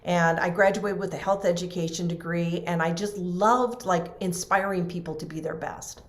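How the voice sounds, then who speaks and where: A middle-aged woman tells a personal story as a guest on a podcast, and she slips into the voices of the people she quotes. Her voice sits a little low for a woman, and she laughs easily. The recording has a roomy echo. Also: normal speed. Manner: animated, acts out quoted voices, laughs often. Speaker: podcast guest, NLP trainer.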